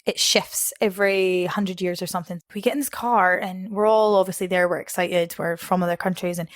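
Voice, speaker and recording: 陽気にしゃべるスコットランド訛りの若い女性. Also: female voice, on the low side, fairly quick, dry recording, studio quality. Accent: Scottish. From Scotland. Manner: chatty, laughs often, animated quoting of others. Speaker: podcast guest. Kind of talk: casual storytelling interview.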